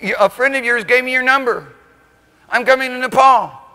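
A man preaching a church sermon, telling a story and building to shouted climaxes. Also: very high voice, moderate pace, smooth. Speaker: pastor. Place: church sanctuary. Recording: church hall reverb.

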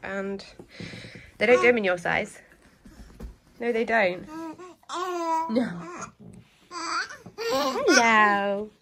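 A woman's voice: medium pitch, very animated, drawn-out words, pauses often, a crowd in the background. A young woman filming at home, cooing to her baby and dogs in a sing-song baby-talk voice. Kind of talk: home video chat. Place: home indoors. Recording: faint background noise.

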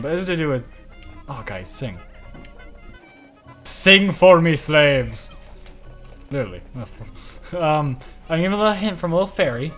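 An excitable, jokey man hosting a livestream and giving casual commentary while he plays a game. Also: a little high. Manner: excitable and jokey, quick to yell. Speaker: livestream host.

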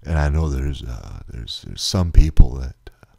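A man with a very deep, husky voice hosts a solo podcast. He rambles earnestly, trips over repeated words and sounds close to tears. The recording is dry and close to the mic. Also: animated, moderate pace, darkish tone, dry recording. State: near tears. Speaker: podcast host.

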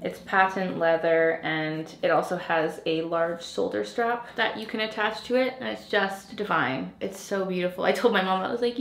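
A woman's voice: lowish voice, moderate pace, a bit bright. A young woman vlogging to camera in a casual haul chat, gushing and bubbly, laughing often as she shows off new things. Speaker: lifestyle vlogger. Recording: roomy echo.

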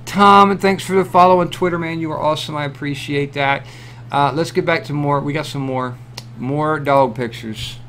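Excitable, cursing man hosting a live stream. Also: on the high side, normal speed, a little hiss or hum. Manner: excitable and profane, laughs often, greets chatters by name. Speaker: livestream host. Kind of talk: casual live-stream chat, reading viewer messages.

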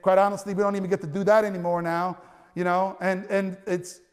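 High-voiced pastor preaching in a reverberant hall. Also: male voice, fairly quick, smooth. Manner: animated, builds to loud cries at climaxes; stammering restarts, conversational asides. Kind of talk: sermon. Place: church.

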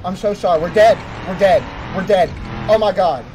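Guy doing a goofy reckless uncle driving the kids, high bouncy voice, loud car noise behind. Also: moderate pace, close to an everyday voice. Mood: panicked. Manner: overacted, breezy then panicked, repeats lines. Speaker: gamer doing a comedy skit. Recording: game clip with loud vehicle noise.

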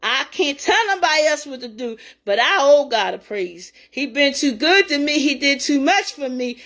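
An older woman testifying and preaching on her own show, fervent and breaking into shouted praise. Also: sits high, big pitch swings, moderate pace. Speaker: talk show host giving encouragement.

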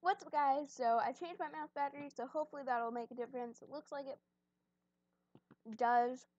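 This gaming channel host is a young woman with a high-pitched, slightly mellow voice who talks at a moderate pace while playing a game on her bed at home. Her casual commentary rambles and pokes fun at herself, with occasional chewing, and the recording is dry and muffled.

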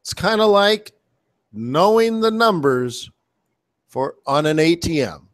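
A man coaching forex trading in live commentary, excitable and full of playful slang. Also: a little high, slow, soft background music. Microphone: webcam setup.

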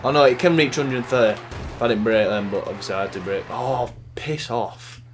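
A man casually commentating his racing gameplay, chatty and excitable, cursing at the game. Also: on the low side, fast. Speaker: gaming YouTuber. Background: game music.

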